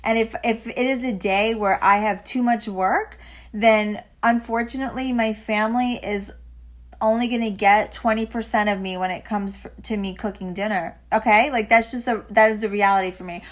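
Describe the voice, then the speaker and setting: A woman's voice: medium pitch, fairly even intonation, normal speed. A woman in her forties co-hosting a podcast, talking candidly in casual chat with lots of "like" and restarts. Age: 40s. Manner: candid, frank, peppered with "like". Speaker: podcast co-host.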